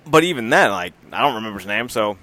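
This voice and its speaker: Man, podcast co-host, casual rambling chat, very lively pitch, bright sound. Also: fast. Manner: animated, rambling, laughs often, acts out voices.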